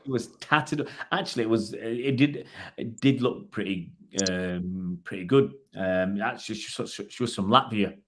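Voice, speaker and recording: A man's voice: on the low side, normal speed. Rambling middle-aged man telling jokey stories. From England. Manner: rambling, jokey anecdotes with many restarts. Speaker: co-host. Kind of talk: casual chat.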